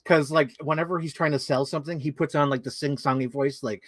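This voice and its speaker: Young man, co-host, casual film chat, enthusiastic, rambling lists, fairly high voice, dry close sound. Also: fairly quick, hardly any pauses, fairly bright tone, no echo. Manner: enthusiastic, talks in long run-on lists with many "like"s. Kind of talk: casual movie discussion.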